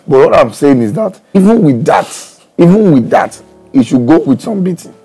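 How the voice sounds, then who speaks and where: A man's voice: on the high side, big pitch swings, moderate pace, gravelly, dark tone, breathy edge, soft background music. A man with a Nigerian accent co-hosting a casual chat, insistent and laughing as he argues his point. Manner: insistent, laughs while arguing. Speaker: podcast co-host.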